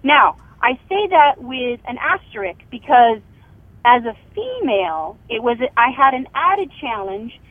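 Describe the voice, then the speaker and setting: A woman's voice: a little high, sing-song, unhurried, no echo. Woman telling a story over a phone line. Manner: vivid storyteller, acts out quoted dialogue. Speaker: author and guest. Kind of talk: telling a family story in a radio interview. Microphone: telephone.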